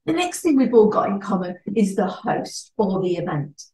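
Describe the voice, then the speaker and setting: A woman, a networking trainer giving a lively presentation talk and acting out little dialogues. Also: mid-range voice, moderate pace. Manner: animated, acts out little dialogues. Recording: echoey room, distant mic.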